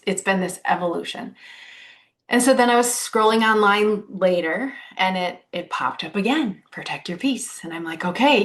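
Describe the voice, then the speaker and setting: A woman coaching on a live stream, bubbly and excitable, greeting viewers as she walks outdoors and talks into a phone. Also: lowish voice. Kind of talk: casual live-stream talk. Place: outdoors on a walk.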